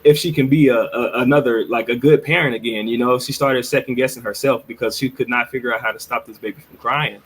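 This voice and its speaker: A man's voice: mid-range voice, fairly even intonation, quick pace, hardly any pauses, fairly bright tone, breathy edge, poor audio. A man co-hosting a podcast, telling a story in a rambling, earnest way full of restarts. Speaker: podcast co-host. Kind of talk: casual storytelling chat.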